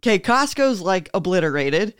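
Laid-back man, smooth dry voice. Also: sits high, big pitch swings, moderate pace, fairly bright tone, dry recording. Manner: laid-back storyteller, laughs often. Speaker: podcast host. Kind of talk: casual chat.

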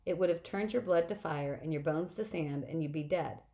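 A woman's voice: sits low, brisk, mellow. A woman reading aloud, voicing a clever, earnest teenage girl who patiently explains things.

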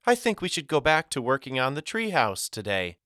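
A man voicing a spirited, bossy young girl with a high, sharp voice in an audiobook. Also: sing-song, brisk, dry recording, studio quality. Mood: insistent.

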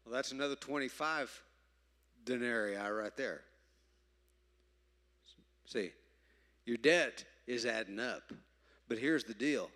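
A man preaching a sermon, emphatic, moving from loud stresses to quiet asides. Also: medium pitch, slow pace, pauses often. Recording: reverberant hall.

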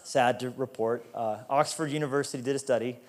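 A young adult man preaching a sermon in a conversational way, repeating words and rising to excited emphasis. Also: mid-range voice, brisk. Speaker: pastor.

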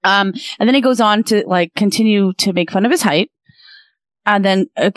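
A woman's voice: mid-range voice, moderate pace, no room sound, studio quality. A young woman with a Canadian accent, co-hosting a podcast and retelling a story in a rambling, filler-heavy way. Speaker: podcast co-host. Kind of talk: casual chat, retelling a comedy bit.

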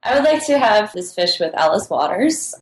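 A woman chatting as a podcast guest, easygoing and giggly, her answers tumbling out casually. Her voice sits at an ordinary middle pitch. The room around her rings with a noticeable echo. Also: big pitch swings, normal speed. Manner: chatty and giggly, with frequent laughs. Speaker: podcast guest, food writer. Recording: echoey room.

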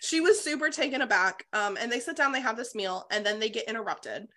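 A young woman co-hosting a casual book discussion podcast, animated and profane, laughing often. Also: a little high, fast. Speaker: podcast co-host.

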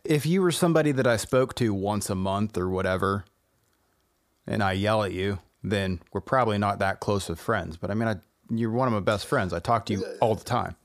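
A man co-hosting a podcast in casual chat, laid-back and teasing, calmly talking his friend down. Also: fairly low pitch, a little fast. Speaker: podcast co-host.

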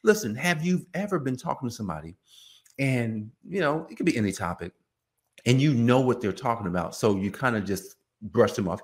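A preacher with a mid-range voice gives a brisk, informal sermon, animatedly acting out biblical dialogue in character voices. He talks conversationally, full of fillers like "you know" and "man."

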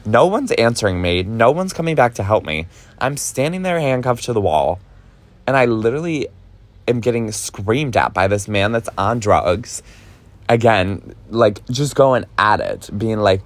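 A man in his twenties casually telling a personal story, animated, full of fillers and swearing, acting out what people said. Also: lowish voice, a little slow, dry recording. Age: 20s. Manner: animated, lots of fillers and swearing, acts out quotes. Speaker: vlogger.

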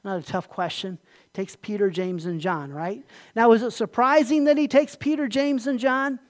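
A pastor with a high voice, speaking at normal speed, delivers an emphatic sermon and often puts questions to his listeners.

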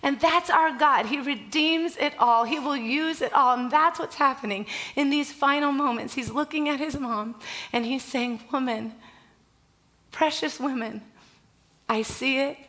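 A woman's voice: sits high, normal speed, bright, forceful tone. A woman preaching a sermon, telling stories in an emotive, tender way with repeated phrases. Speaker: pastor.

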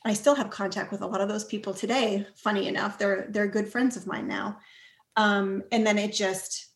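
A woman's voice: mid-range voice, lively intonation, normal speed, creaky. Earnest woman guest, roomy echo. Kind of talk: casual storytelling.

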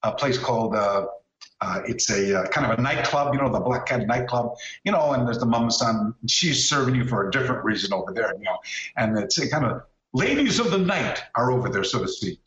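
A man in his sixties telling a story as an interview guest, animated and restarting often, on a video call. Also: mid-range voice, a little fast. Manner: animated, acts out quoted voices, many restarts. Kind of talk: casual anecdotal storytelling. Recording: echoey room, dull lo-fi call audio.

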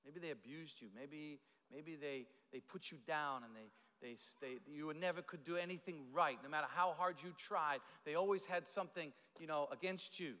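High-voiced, halting preacher in a hall. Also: male voice, pushed and bright. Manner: halting, repeats words, many asides. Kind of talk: conversational sermon. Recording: echoey hall.

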